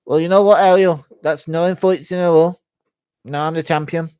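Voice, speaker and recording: A boastful male champion, loud and high, who yells his slogans, as a streamer puts him on. The recording is close and dry. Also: fairly even intonation, moderate pace, smooth, dry recording, close to an everyday voice. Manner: boastful, shouting.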